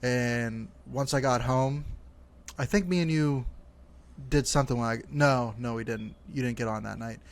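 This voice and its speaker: A man's voice: medium pitch, normal speed. Young man rambling through a casual story. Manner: rambling storyteller, swears freely, many fillers like "like". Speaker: podcast co-host. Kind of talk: casual podcast chat.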